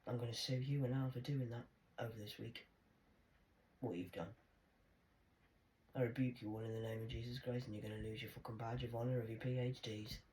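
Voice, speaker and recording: A woman rambling through a stream-of-consciousness monologue, punning and swearing, swinging between hushed whispers and loud outbursts. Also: a bass voice, fairly even intonation, brisk, pauses often, low-quality recording. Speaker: vlogger.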